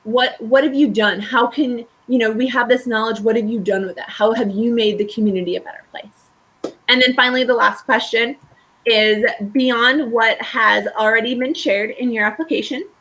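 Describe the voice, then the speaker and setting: A woman's voice: fairly high pitch, normal speed, pushed and bright, rough recording. Woman counselor giving a webinar talk. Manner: conversational, reassuring, frequent "right?" and "um". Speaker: school counselor. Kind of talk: webinar presentation.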